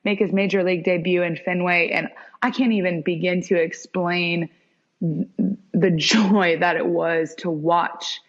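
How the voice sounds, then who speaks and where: Animated young woman telling a story. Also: lowish voice, a little slow. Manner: animated, acts out quoted dialogue. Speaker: podcast guest, former pro soccer goalkeeper. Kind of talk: casual storytelling interview. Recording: dull lo-fi podcast audio.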